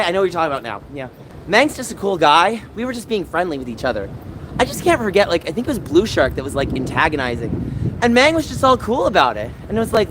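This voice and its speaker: A man's voice: a little high, big pitch swings, a little fast, fairly bright tone, a little hiss or hum, low-quality recording. A man livestreaming, chatting casually with his viewers and venting in a rambling, aggrieved way. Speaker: gaming livestreamer. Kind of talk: casual livestream chat reading live chat. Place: San Francisco.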